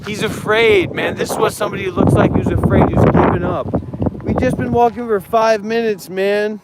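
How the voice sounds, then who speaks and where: A man's voice: sits high, fairly even intonation, moderate pace. A man from America live streaming outdoors, preachy and profane, urging someone along and repeating "man.". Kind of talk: rambling live stream banter. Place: outdoors on a street. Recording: loud wind noise outdoors.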